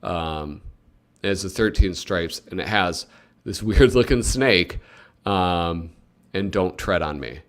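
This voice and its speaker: Man, lowish voice, slow rambling delivery, livestream host chatting with viewers. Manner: rambling, chats with viewers, frequent fillers. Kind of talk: casual live commentary.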